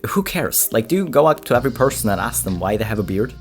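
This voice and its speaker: A host giving casual commentary on reaction clips, rambling with many filler words. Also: male voice, mid-range voice, sing-song, fast, faint music behind.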